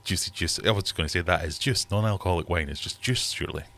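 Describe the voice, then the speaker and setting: Man, british accent, thirties, very low voice, rambling livestream host, jokey, reads chat aloud. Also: fast, a bit bright. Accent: British English. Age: 30s. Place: home fish room.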